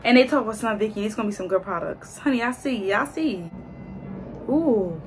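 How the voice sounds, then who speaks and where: A young woman, talking casually and excitedly to her viewers in a hair vlog. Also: mid-range voice, a little fast, soft background music. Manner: animated, exclaiming, talks straight to viewers. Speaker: hair vlogger.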